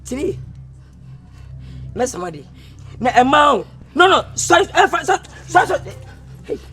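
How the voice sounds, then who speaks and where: An actor with a Ghanaian accent playing a blustering husband who stammers and defends himself in a comedy film. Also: male voice, very high-pitched, sing-song, normal speed, a bit bright, faint music behind, exaggerated voice.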